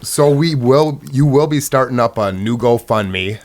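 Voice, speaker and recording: A man's voice: mid-range voice, animated, unhurried. A man co-hosting a casual podcast, asking the guest plain, direct questions. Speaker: podcast co-host.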